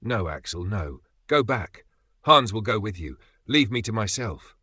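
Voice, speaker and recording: A man's voice: fairly low pitch, very animated, unhurried, sharp tone, breathy edge, no room sound, exaggerated voice. A man reading an audiobook, voicing a stubborn, domineering old male professor who speaks in a commanding, scornful way. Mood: defiant. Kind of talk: audiobook character voice.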